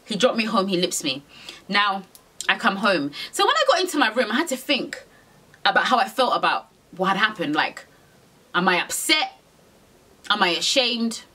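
A woman's voice: medium pitch, big pitch swings, normal speed, pauses often, bright, forceful tone. A young woman telling a frank, rambling storytime to camera, swearing freely and using lots of slang. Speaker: vlogger.

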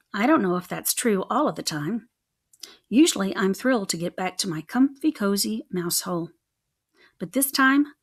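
A woman reading a children's chapter book aloud as a first-person narrator, in a lively, expressive storytelling manner. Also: medium pitch. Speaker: audiobook narrator.

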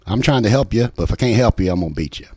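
A man voicing a rowdy hillbilly with a thick West Virginia accent, loud and drawling. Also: fairly low pitch, animated, very fast, husky, no echo, voice pushed up. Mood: threatening.

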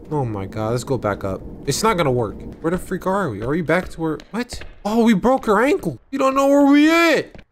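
A young man playing a horror game and commenting, jumpy and excitable, yelling when startled. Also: high voice, slight background noise. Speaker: gaming channel host.

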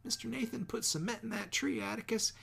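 A reader voicing an earnest, excitable boy who pleads in a rushed, emphatic way. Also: mid-range voice, breathy edge, soft background music. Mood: pleading. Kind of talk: audiobook character voice.

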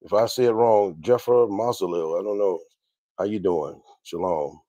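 A man's voice: on the low side, moderate pace, mellow, no room sound. A man hosting a livestream Bible teaching, greeting viewers one by one by name and often repeating his phrases. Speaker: minister and livestream host.

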